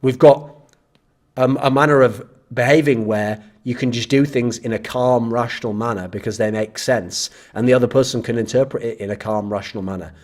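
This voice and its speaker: A man's voice: medium pitch, fairly even intonation, a little fast, darkish tone. A man hosting his own commentary, ranting sarcastically and with exasperation about viewer comments, swearing freely. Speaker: esports commentator and channel host.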